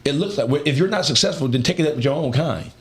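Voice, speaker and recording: A man arguing forcefully and preachily, with profanity, on a morning talk show. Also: fairly high pitch, expressive, fast talker, faint music behind. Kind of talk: heated casual talk show debate. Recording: echoey room.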